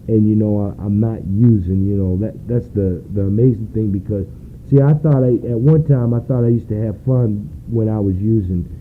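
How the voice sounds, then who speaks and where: A man sharing at a recovery meeting, earnest and rambling, filling his talk with "you know". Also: lowish voice. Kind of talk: personal share at a meeting. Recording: tinny phone-like recording with faint noise.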